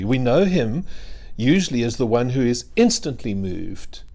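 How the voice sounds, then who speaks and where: A male minister preaching a sermon in an earnest, conversational way, with dramatic pauses. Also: medium pitch, big pitch swings, a little mellow.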